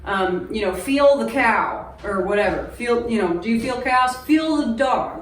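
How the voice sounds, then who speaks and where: A woman's voice: fairly high pitch, animated, a little slow, recorded from a distance. A woman in her thirties hosting a casual product demo in a music shop, joking and poking fun at herself. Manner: joking, self-deprecating. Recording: roomy shop, voice away from mic. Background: guitar playing.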